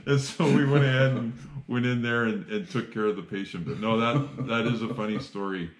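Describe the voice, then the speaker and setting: A man's voice: mid-range voice, a little fast, echoey room. A man interviewing an old firefighter colleague, friendly and affirming as he recalls shared memories. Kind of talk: casual interview.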